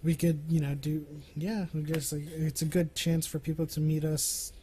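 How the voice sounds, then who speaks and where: A man co-hosting a casual gaming podcast, chatty and quick to laugh. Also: fairly high pitch, flat delivery, dark tone, a little hiss or hum. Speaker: podcast co-host. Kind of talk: casual chat.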